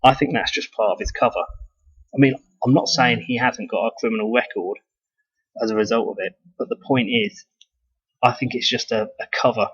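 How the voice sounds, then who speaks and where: A man's voice: medium pitch, a little fast, a bit bright, breathy edge. A man from the United Kingdom talking casually in a rambling monologue, swearing and restarting his sentences. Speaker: video blogger. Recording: dull lo-fi sound.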